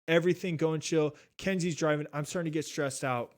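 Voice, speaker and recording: A young man casually telling a travel story, animated and swearing often, acting out what people said. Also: a little high, brisk. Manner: animated, swears a lot, acts out quotes. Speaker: podcast guest.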